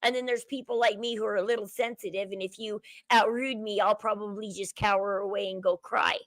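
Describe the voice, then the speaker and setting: A woman's voice: medium pitch, fairly even intonation, fairly quick, dry recording, rough recording. A woman with a Southern accent, livestream host chatting casually to her viewers, with a chatty valley-girl way of talking.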